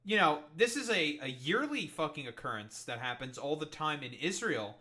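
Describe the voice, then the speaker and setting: A man's voice: on the high side, animated, moderate pace, pushed and bright. A young man giving rambling, profane, sarcastic reaction commentary as a streamer.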